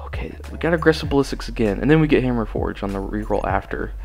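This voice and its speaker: Gaming host, young guy, low gravelly voice, casual and profane commentary, faint backing music. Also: lively intonation, brisk, hardly any pauses, darkish tone. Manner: exasperated, profane, talks to himself while playing.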